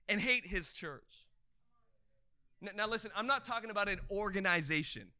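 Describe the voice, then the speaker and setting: A male pastor delivers a lively sermon in a strikingly high voice. His tone is bright and forceful. He trips over restarts in his excitement and often surges into shouting. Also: normal speed, pauses often. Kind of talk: energetic sermon.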